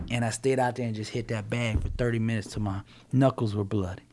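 A man's voice: mid-range voice, fast, heavy background noise. A man telling a personal story with energy, acting out the voices of people in it. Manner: animated storytelling, acts out quoted voices. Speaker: guest.

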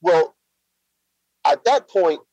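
A middle-aged man from Louisiana, a guest recounting events in a plain-spoken, halting way full of fillers. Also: fairly high pitch, lively intonation, a little mellow, no room sound. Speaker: interview guest. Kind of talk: casual spoken storytelling. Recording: slightly dull lo-fi sound.

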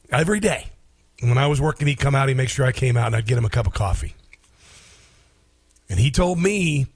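A man's voice: medium pitch, no room sound. A middle-aged man hosting a radio call-in show, chatty and storytelling with mocking asides. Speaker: radio talk show host. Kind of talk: casual call-in show chat.

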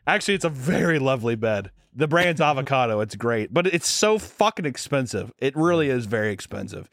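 Man, podcast co-host, animated and swearing a lot, bouncy raised voice, dry close mic. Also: mid-range voice, a little fast, no room sound. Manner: animated, profane storyteller who laughs often. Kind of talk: casual podcast banter.

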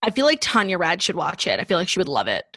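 A woman's voice: fairly low pitch, huge pitch swings, quick pace, fairly bright tone, no echo. A woman co-hosting a podcast in casual chat, constantly saying "like" as she talks. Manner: chatty, fills speech with "like". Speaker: podcast co-host.

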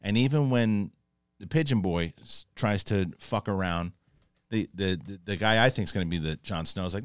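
Low-voiced man, profane TV review. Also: moderate pace, clear, resonant tone, dry recording, studio quality. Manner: profane, excitable retelling with acted-out quotes. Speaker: host. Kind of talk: casual spoken TV episode review.

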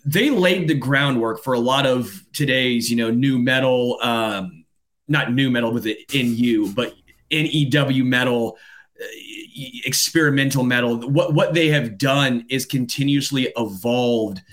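A man co-hosting a podcast in casual chat, given to heated, animated rants that rise to shouting. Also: mid-range voice, a little slow. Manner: animated ranting, rising to shouts. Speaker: podcast co-host.

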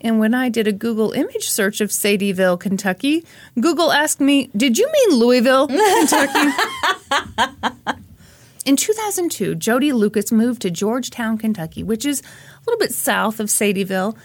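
A woman's voice: on the high side, expressive, normal speed. A woman co-hosting a casual true crime podcast, joking and laughing often. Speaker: podcast co-host.

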